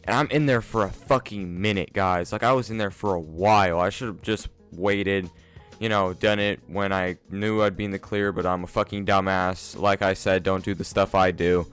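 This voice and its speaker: A man's voice: low-pitched, fairly even intonation, moderate pace, a bit bright, clean tone. A young man telling a casual, profane, self-mocking story to his viewers. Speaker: vlogger. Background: faint instrumental music.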